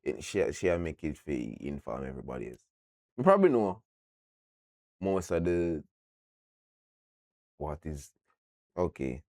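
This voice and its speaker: Deep-voiced Jamaican man reacting. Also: measured pace, long pauses, no room sound, clean studio sound. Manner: animated, interrupting, speaks Jamaican patois. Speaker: reaction video host. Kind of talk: casual reaction commentary.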